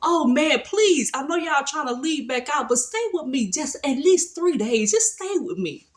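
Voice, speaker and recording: A woman's voice: high voice, expressive, normal speed, voice pushed up. A woman voicing an elderly father-in-law who eagerly begs his guest to stay. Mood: pleading. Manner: begging, repetitive coaxing.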